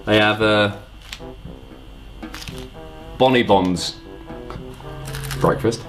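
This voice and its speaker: A man's voice: lowish voice, drawn-out words, music in the background, poor audio. A man hosting a casual vlog, dry and self-mocking, with lots of ums. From England. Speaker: host.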